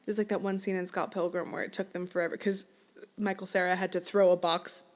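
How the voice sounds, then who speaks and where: A young woman co-hosting a casual podcast chat, chatty and enthusiastic, quick to agree. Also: lowish voice, flat delivery. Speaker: podcast co-host.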